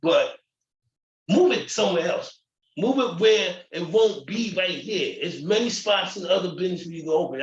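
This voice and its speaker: A man's voice: high-pitched, animated, normal speed. Upset man pleading from a distant echoey room. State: close to tears. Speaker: shelter resident speaking at public comment. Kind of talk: impassioned public comment. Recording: muffled echoey room audio from far off.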